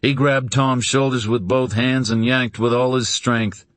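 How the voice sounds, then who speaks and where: A man narrating a suspense novel in a steady, dramatic reading. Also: medium pitch, a little slow. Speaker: audiobook narrator. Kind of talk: scripted narration.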